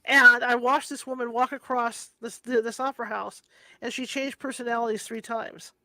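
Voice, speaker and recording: A man's voice: very high-pitched, flat delivery, bright, forceful tone, no room sound. A man hosting an interview, chatty and conversational, asking questions and adding his own stories. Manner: chatty, quick asides. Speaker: host. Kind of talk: casual interview chat.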